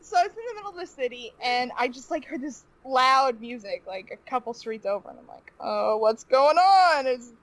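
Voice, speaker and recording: A woman's voice: on the high side, a bit bright, no room sound, rough recording. Emotional woman telling a personal story. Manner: emotional, halting, laughs often. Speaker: podcast guest.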